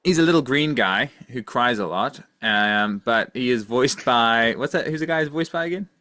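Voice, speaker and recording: A man's voice: medium pitch, lively intonation, normal speed, pushed and bright, no echo. A man hosting a podcast, upbeat and leading the segments with a few fillers. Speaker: podcast host.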